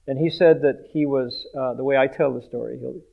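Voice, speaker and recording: A man's voice: mid-range voice, fairly even intonation, brisk, gravelly. A man vividly retelling someone else's story, acting out the sound effects as he goes. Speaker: interviewer retelling a guest's story. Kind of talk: animated storytelling. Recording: tinny phone-like audio.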